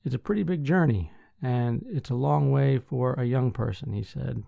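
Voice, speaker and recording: A sleepy man hosts a podcast, reading news articles aloud and stopping for deadpan asides. His voice is gravelly and mellow. The recording is dull and dry, made close to the mic. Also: medium pitch, moderate pace, no room sound. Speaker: podcast host.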